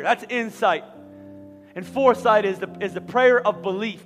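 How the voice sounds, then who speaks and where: With a high-sitting voice at a moderate pace, a man pastoring a large church leads his congregation in prayer during a sermon's altar call. He's impassioned, building to loud, fervent peaks, over long hall reverb and soft background guitar.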